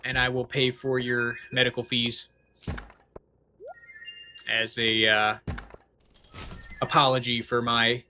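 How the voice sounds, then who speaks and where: A man's voice: medium pitch, monotone, slow, pauses often, pushed and bright, soft background music. A man livestreaming a farming game, chatting casually in a goofy, self-deprecating, rambling way. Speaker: streamer. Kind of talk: casual livestream chat while gaming.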